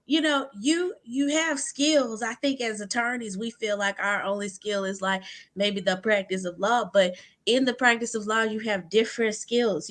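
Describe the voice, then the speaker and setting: A woman attorney with a Southern Louisiana twang, chatting lively in a video-call interview and laughing often. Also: a little high. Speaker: attorney and guest speaker. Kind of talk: virtual summit interview.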